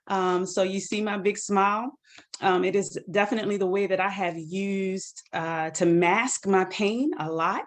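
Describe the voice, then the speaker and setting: A woman's voice: mid-range voice, steady tone, unhurried. A woman author giving an earnest personal testimony about grief on a video call, sometimes quoting scripture. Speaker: guest author.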